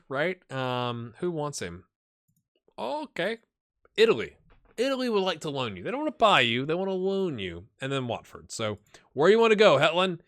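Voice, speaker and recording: Animated man chatting over a game. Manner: thinks aloud, talks to his virtual players; animated, jumps high when excited. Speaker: gaming channel host. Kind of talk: casual game commentary.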